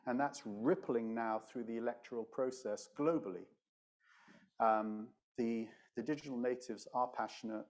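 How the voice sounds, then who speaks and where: Brief: man, mid-pitched voice, deliberate panel speaker. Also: a little mellow. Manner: measured, slows down to stress points. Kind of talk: conference panel discussion. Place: conference stage.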